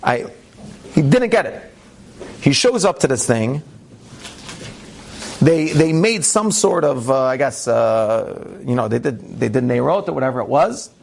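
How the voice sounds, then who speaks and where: A man's voice: mid-range voice, unhurried, vocal fry, long pauses, a little hiss or hum. A man who is a rabbi, telling a story in a conversational way and acting out the quotes. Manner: animated, conversational, acts out the quotes. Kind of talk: storytelling talk.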